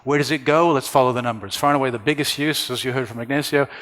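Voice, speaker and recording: A man giving a conference presentation, walking an audience through slides one point at a time in a measured way. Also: mid-range voice, a bit bright, in a large hall. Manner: measured, explains slides step by step. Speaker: conference speaker. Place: conference hall.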